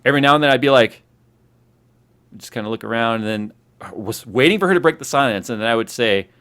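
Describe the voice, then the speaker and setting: A man hosting a casual livestream chat, telling stories in an animated way and acting out the scenes. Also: mid-range voice, fast, smooth. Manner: animated storyteller who acts out scenes. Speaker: host.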